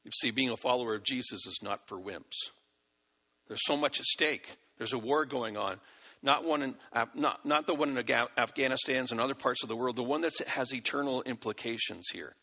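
A man's voice: medium pitch, a little fast, bright, forceful tone. A male preacher giving a sermon, exhorting and folksy, with acted-out asides, in a church hall. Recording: long hall reverb.

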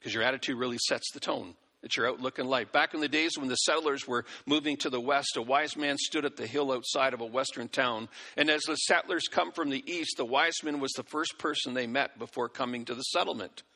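A man's voice: medium pitch, brisk, few pauses, pushed and bright. A male preacher giving a sermon, exhorting and folksy, with acted-out asides, in a church hall. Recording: long hall reverb.

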